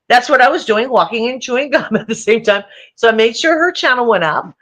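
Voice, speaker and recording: A woman hosting a casual livestream chat, talking warmly to her viewers and laughing often. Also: a little high, expressive, a little fast. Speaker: livestream host. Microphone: phone.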